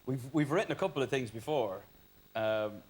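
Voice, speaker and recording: Lively laid-back young Irishman. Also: medium pitch, moderate pace. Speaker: talk show guest. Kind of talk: casual chat. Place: TV studio. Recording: VHS TV recording with heavy hiss.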